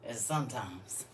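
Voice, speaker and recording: A woman's voice: extremely low pitch, far from the mic, very noisy. A woman hosting a live stream, talking casually and half-preachy to her viewers and laughing often.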